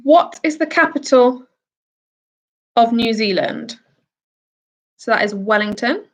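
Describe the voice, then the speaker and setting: A woman's voice: a little high, animated, slow. A woman from the UK hosting a casual quiz, reading out each question and answer with chatty asides. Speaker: quiz host.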